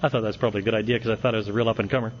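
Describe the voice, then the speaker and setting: Speaking very fast in a fairly low, steady voice, this middle-aged man shares his recovery story at an AA meeting, poking fun at himself with dry wit. The meeting hall has an audience, and the lo-fi tape sounds dull with a faint hiss.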